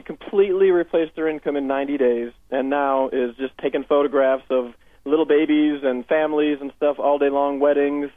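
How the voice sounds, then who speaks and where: This life coach, calling into a radio interview on a phone headset, has a Southern Californian accent and a high voice with fairly even intonation. He talks fairly quickly with few pauses, telling upbeat client stories and quoting their dialogue over a dry, tinny line with no echo.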